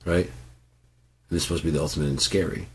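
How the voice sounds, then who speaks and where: A man from Michigan telling rambling, profane stories in a casual, animated way. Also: rumbling low, fast, slightly rough. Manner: profane, animated, bursts into loud yells. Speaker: channel host.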